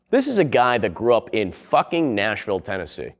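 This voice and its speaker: A man's voice: fairly low pitch, huge pitch swings, fairly quick, few pauses. Profane, rambling man hosting a video essay. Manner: profane, rambling, sarcastic storyteller. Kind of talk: casual comedic video essay.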